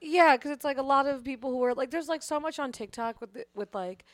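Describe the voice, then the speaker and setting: A woman's voice: sits high, quick pace, no room sound. A young woman in her twenties, a comedian guest chatting casually and laughing often, with lots of "like". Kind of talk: casual podcast chat.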